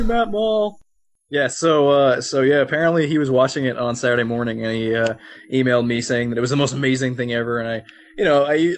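A young man with a New Jersey accent, co-hosting a casual podcast chat, rambling with many fillers, with a slight speech impediment and on cold medicine. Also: medium pitch. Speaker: podcast co-host.

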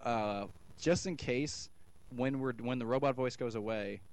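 A man's voice: medium pitch, unhurried. A man co-hosting a podcast in casual chat, rambling and swearing, with many restarts. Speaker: podcast co-host.

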